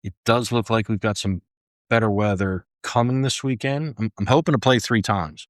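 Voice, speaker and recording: A man's voice: on the low side, normal speed, no room sound, studio quality. An older man hosting a solo podcast, talking in an easygoing, self-deprecating way. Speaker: podcast host.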